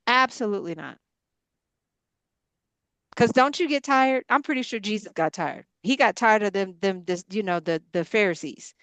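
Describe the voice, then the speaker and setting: In a mid-range, somewhat bright voice at a moderate pace, a woman gives a sermon-like motivational talk, with no echo on the recording. She leads a ministry, coaches women, and has grown girls of her own, and she builds her case emphatically through punchy, repeated parallel lines.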